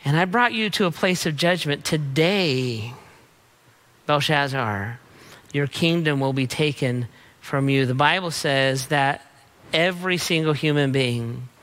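A man's voice: a little high, fairly bright tone. A man preaching a sermon in a punchy, emphatic way, mixing in casual slang. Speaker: pastor.

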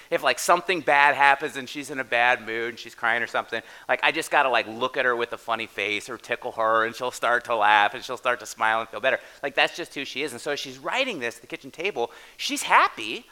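A man's voice: medium pitch, bright, forceful tone. A man in his thirties, a pastor telling a story in a chatty, casual sermon and often asking "right?".

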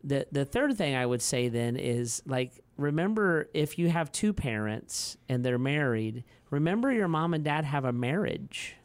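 A man's voice: mid-range voice, very animated, unhurried, hardly any pauses, clean tone, dry recording. A man in his forties, a pastor, talking casually on a podcast, rambling through stories with many fillers and restarts and laughing easily.

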